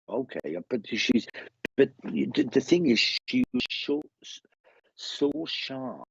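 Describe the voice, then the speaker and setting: Husky low-voiced male medium. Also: animated, normal speed, no room sound, dull audio. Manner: chatty, laughing, stumbling restarts, relays spirit messages. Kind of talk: live mediumship reading.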